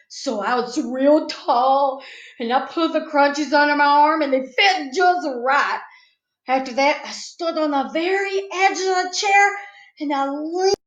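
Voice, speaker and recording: A woman with a high voice reads a children's book aloud, telling it playfully from a child's point of view. The recording is a little dull, in a room with a noticeable echo. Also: takes it slowly, a bit bright. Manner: playful, first-person child's storytelling. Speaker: storytime reader. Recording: echoey room, slightly dull sound.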